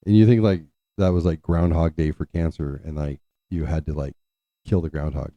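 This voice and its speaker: Deep dark-voiced man telling a story. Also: fairly even intonation, moderate pace, dry recording. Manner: rambling, with frequent restarts. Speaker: son telling a family story. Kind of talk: personal storytelling vlog. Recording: dull lo-fi, dry.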